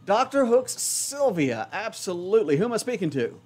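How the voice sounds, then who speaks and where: A man's voice: high-pitched, very animated, normal speed, a crowd in the background. A man hosting a morning radio show in a studio, chatting casually and poking fun at himself as he rambles. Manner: rambling, self-mocking, chatty. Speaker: radio host.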